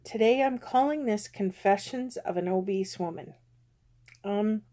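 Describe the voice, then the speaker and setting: A woman in her fifties talking to her viewers in a personal confessional vlog. She speaks haltingly, with many pauses, and sounds close to tears at times. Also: mid-range voice, mellow. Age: 50s. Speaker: vlogger.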